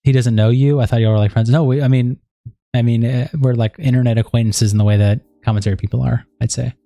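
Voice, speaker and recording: A man hosting a casual livestream, chatting with viewers in a loose, profane way, full of fillers and sarcastic, deadpan asides. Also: medium pitch, fast, vocal fry, no echo, clean studio sound. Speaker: livestream commentary host.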